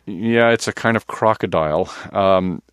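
Guy director rambling thru stories, kinda low voice, laughs at himself, dry sound. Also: a little slow, a bit bright, clear, resonant tone, dry recording. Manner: rambling, self-mocking, many restarts. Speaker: film director. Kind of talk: anecdotal interview talk.

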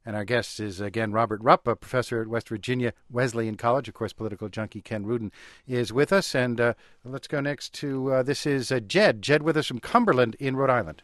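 Casual: call-in host guy, calm, lots of uhs, dry booth. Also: medium pitch, no room sound. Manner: measured, fills pauses with uh. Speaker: radio host. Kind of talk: radio call-in hosting.

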